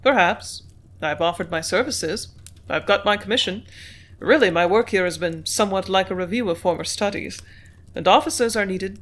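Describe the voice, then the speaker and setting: A steady, businesslike male manager in an audiobook, measured and composed as he dictates. A reader voices him in a plain reading voice with a middle pitch. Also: natural voice. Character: business-minded company manager, man.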